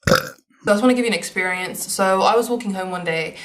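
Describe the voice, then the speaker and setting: A woman's voice: mid-range voice, fast. A woman speaking earnestly and steadily in an opinion vlog. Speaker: vlogger giving an opinion.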